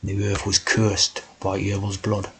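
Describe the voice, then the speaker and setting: A man's voice: on the low side, monotone, a little slow, background noise. A man talking in a rambling monologue, tagging his points with "right?". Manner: meandering, keeps asking "right?". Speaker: video host.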